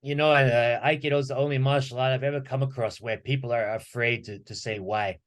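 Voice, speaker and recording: A man guesting on a podcast, speaking at a middle pitch in a lively, storytelling way. He keeps slipping into quoted questions and voices as he talks. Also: a little fast. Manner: animated storyteller who acts out quoted questions. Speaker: podcast guest, martial arts instructor. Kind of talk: conversational podcast talk.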